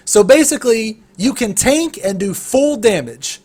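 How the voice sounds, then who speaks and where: A man's voice: high-pitched, unhurried. A young man co-hosting a casual gaming podcast, ranting and telling stories with lots of swearing and big swings of energy. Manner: animated, profane ranting storyteller. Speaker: podcast co-host.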